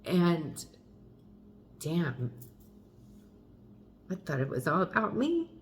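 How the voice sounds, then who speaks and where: A middle-aged woman with a low voice talks openly about her life as a mother, in an unhurried, confessional way. She drops wry asides and a few mild curses as she goes. A faint hiss of noise sits under her voice. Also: sing-song. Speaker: mother talking to camera. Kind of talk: candid personal vlog.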